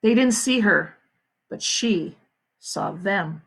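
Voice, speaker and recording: A woman school principal reading a novel aloud to her students with expressive storytelling. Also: medium pitch, takes it slowly, gravelly, slightly rough. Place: home, livestream.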